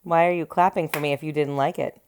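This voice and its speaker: A woman's voice: low-pitched, steady tone, noisy background. A woman co-hosting a casual movie-watching podcast at home, teasing her co-host with dry jokes while she has a cold. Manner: teasing, dry, quick with jokes and mock quotes. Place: living room at home.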